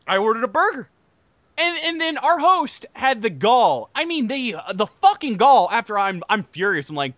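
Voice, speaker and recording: An exasperated man rants through a profane comic story, his pitch swinging wildly. His voice is bright and edgy. The sound is dry and close. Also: moderate pace, dry recording. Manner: animated, exasperated, heavy swearing. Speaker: podcast co-host telling a story.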